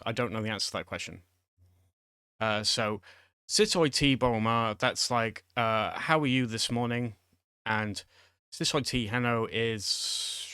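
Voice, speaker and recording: Man talking through a quiz, bright voice, dry close mic, rambling, self-mocking. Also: medium pitch, no room sound. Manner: rambling, many fillers and restarts. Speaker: YouTuber teaching Welsh. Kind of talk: casual screen-share commentary.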